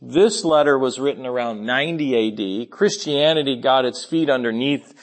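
A man's voice: mid-range voice, moderate pace. A man preaching a sermon in an earnest, emphatic way, often restarting his phrases. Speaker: pastor.

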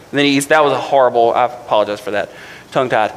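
A man preaching a sermon, reading scripture slowly and deliberately, then explaining it in a casual, self-correcting way. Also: medium pitch, in a large hall, poor audio. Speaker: pastor.

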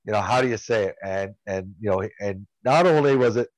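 A man co-hosting a casual lacrosse chat, telling stories with many halting restarts. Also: fairly low pitch, no room sound, poor audio. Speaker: lacrosse podcast co-host.

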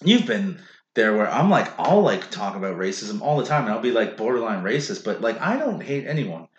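Man, podcast host, casual rambling chat, swears a lot, lively up-and-down pitch, echoey room. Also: a little fast, highs cut off. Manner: rambling, swears freely, frequent "like". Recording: roomy echo.

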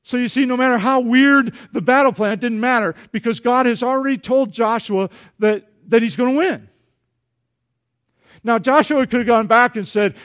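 Animated male pastor with a high voice, preaching a lively sermon. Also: moderate pace. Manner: animated, acts out dialogue, jokes with congregation.

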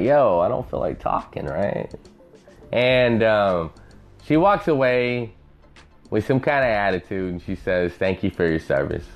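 A man hosting a podcast, telling profane stories in a rambling, casual monologue. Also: mid-range voice. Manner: profane, rambling storyteller, acts out voices. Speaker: podcast host.

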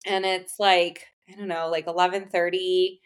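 A woman's voice: fairly low pitch, little pitch movement, normal speed. A young woman telling a personal story in casual conversation, filling it with "like" and acting out both sides of past exchanges. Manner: conversational, many fillers, acts out dialogue. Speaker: guest telling her story.

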